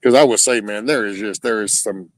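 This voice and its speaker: A man whose voice sits on the low side runs a livestream, drifting through casual conversation with viewers, heavy on profanity and halting restarts. The sound is dry and low quality.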